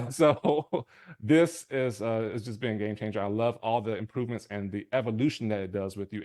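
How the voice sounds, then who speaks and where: A man's voice: lowish voice, a little mellow. A man giving a casual, somewhat rambling testimonial over a video call.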